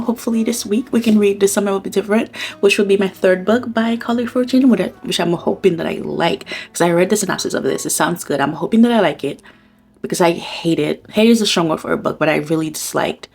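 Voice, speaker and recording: A woman in her twenties chatting casually to camera as a book vlogger, rambling with lots of "like" fillers and gushing excitement, at home. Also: mid-range voice, fairly quick, vocal fry, slightly rough. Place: at home, under a blanket.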